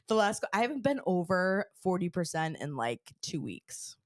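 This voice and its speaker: A woman's voice: on the low side, very animated, normal speed, no room sound, clean studio sound. Bubbly rambling woman podcaster, sick. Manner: bubbly, rambling, lots of fillers. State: sick, recovering. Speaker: podcast co-host. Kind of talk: casual chat. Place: Connecticut.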